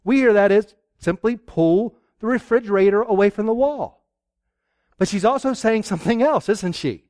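A man preaching a sermon to a live audience, lively and acting out little exchanges between husband and wife. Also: high voice, normal speed, dry recording, clean studio sound.

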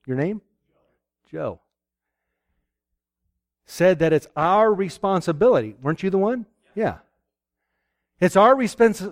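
Male preacher from Pennsylvania, folksy and lively, engages the congregation with questions; high voice. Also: no room sound, studio quality. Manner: folksy, animated, asks the audience questions. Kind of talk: sermon.

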